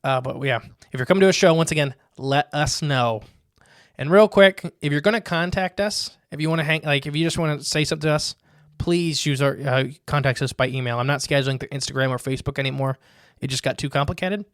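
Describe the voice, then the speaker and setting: Upbeat rambling podcast host, smooth dry voice. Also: male voice, a little high, quick pace, fairly bright tone, no echo. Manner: rambling, upbeat show announcements. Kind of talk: casual podcast chat.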